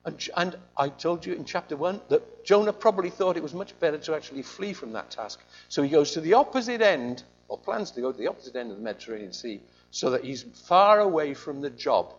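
A man preaching with a lively, highly varied delivery, his voice pitched rather high for a man. He tells the story conversationally and animatedly, and the recording sounds slightly muffled and lo-fi. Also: a little fast, hardly any pauses. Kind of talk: sermon.

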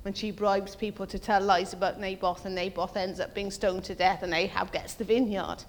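A woman's conversational sermon, full of questions to her congregation, is caught with the long reverb of a church hall. Her intonation is fairly even and her pace moderate, though she raises her pitch to act out quoted voices.

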